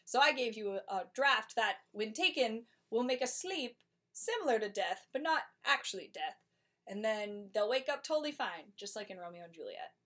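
Woman playing a sly court doctor, smug, gloating, slightly high. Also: expressive, moderate pace, a bit bright.

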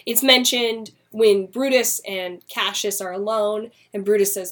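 A woman hosting a casual podcast, chatty and animated as she explains theatre history with quick asides. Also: mid-range voice. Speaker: podcast host.

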